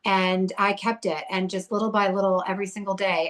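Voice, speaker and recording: A woman's voice: medium pitch, flat delivery, fairly quick, a bit bright. A woman speaking as a podcast guest, telling her recovery story in a blunt, fiery way full of swearing.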